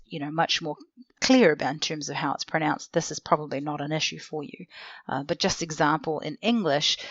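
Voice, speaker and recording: Low-voiced woman explaining teaching steps. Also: no room sound, dull audio. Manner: casual, clear explaining with rhetorical questions. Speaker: language teacher trainer. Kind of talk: instructional podcast talk. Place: seated indoors.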